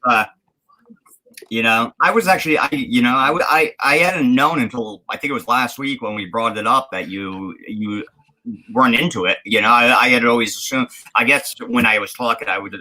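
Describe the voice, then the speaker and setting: A man's voice: medium pitch, sharp tone, poor audio. A man from the United States co-hosting a podcast in casual chat, rambling with many restarts and fillers. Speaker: podcast co-host.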